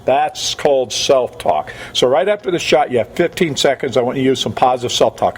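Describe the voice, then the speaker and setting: A man's voice: mid-range voice, expressive, moderate pace, few pauses, breathy edge. A man coaching bowling technique, talking energetically and repeating key words for emphasis. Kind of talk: coaching instruction.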